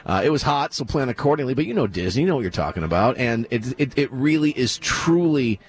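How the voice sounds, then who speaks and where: A man's voice: medium pitch, sing-song, fast, slightly rough. A man hosting a live radio broadcast from a theme park, gushing with enthusiasm and tripping over his words. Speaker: radio host. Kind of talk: excited live broadcast chat.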